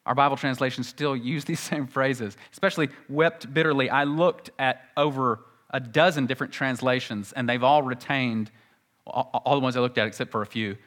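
A man preaching a sermon as pastor, teaching earnestly and slowing down to recite scripture. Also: mid-range voice, fairly even intonation, fairly bright tone.

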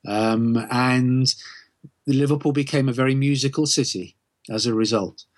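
A man's voice: medium pitch, fairly even intonation, dry recording. A man, an author being interviewed, explaining thoughtfully at length with frequent ums and restarts. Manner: measured, thoughtful, many ums. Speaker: author and guest.

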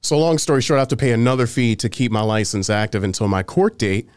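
A man's voice: medium pitch, fast talker, clear, resonant tone, no echo, clean studio sound. A man casually telling a story on a podcast, acting out what others said and swearing freely. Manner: animated, acts out quoted exchanges, swears freely.

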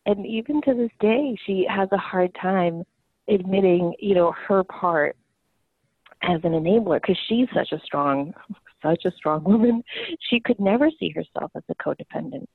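A woman's voice: fairly low pitch, moderate pace, breathy edge, no echo. A woman talking candidly in a casual conversation, telling personal stories. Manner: candid storyteller. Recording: tinny phone-line sound.

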